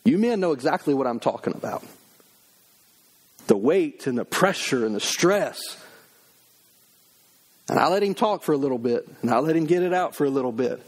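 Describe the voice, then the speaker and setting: A man's voice: medium pitch, lively intonation, normal speed, long pauses, husky. A middle-aged man preaching a sermon, emphatic, acting out the voices of people he quotes. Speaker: pastor.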